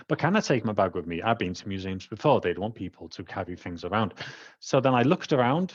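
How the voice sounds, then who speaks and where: A low-voiced Welsh man recounts a personal anecdote and acts out the people he talks about. The recording is dull and lo-fi, as if from a modest home setup. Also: a little fast, husky. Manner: animated, acts out the people he quotes. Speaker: trainer. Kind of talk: personal storytelling monologue.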